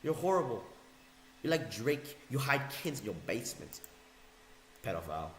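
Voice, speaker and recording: A young man ranting angrily on video, mocking and insulting, swinging between low mutters and loud yells. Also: very animated, normal speed, a little hiss or hum. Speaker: video ranter. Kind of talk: angry rant video. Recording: echoey room.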